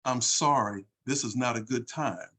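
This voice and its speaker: A man reading the lines of a husband who calmly turns a repairman away at his door. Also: mid-range voice, moderate pace, breathy edge, voice pushed down. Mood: calm apologetic. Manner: quiet, apologetic.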